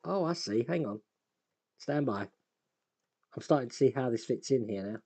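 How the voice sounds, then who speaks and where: A man chats his way through a fiddly model build at a workbench and talks to himself as he fits parts. His voice sits at a middle pitch, and he breaks in with small sighs and wry, self-deprecating asides. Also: expressive, normal speed, gravelly, dark tone, husky. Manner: thinks aloud while working, self-deprecating, sighs and chuckles. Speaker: host, scale model builder. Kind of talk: casual build commentary.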